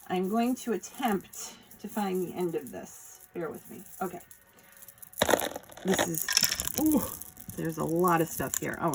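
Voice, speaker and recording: Slow, chatty woman showing jewelry. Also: fairly low pitch, background noise. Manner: chatty, admiring, talks while handling items. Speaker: jewelry seller showing auction finds. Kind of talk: casual show-and-tell chat.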